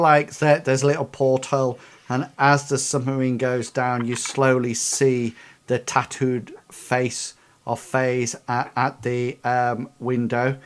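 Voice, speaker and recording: A man running a tabletop role-playing game, narrating scenes slowly with many pauses and ums. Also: medium pitch. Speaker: game master.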